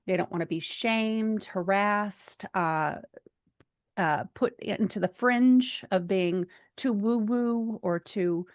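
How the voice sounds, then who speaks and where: A woman's voice: mid-range voice, takes it slowly, no room sound, studio quality. A woman giving a seminar talk, earnestly telling a personal story in a chatty way with many fillers. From United States. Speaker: seminar speaker.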